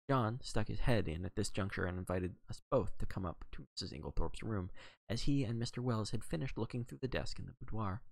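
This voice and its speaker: A man reads a novel aloud in a lively voice with wide swings of pitch. His tone has a gravelly grain, and he now and then stumbles and corrects himself. The recording is dry and close. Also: a little fast, no echo. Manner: lively reading with occasional stumbles and self-corrections. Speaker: reader.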